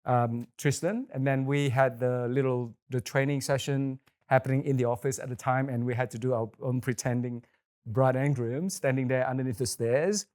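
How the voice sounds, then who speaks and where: A man's voice: medium pitch, fairly even intonation, moderate pace, a little mellow. Chatty Indonesian-raised man, rambling. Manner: chatty, rambling with restarts and "you know". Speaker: wedding celebrant. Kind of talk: casual podcast chat.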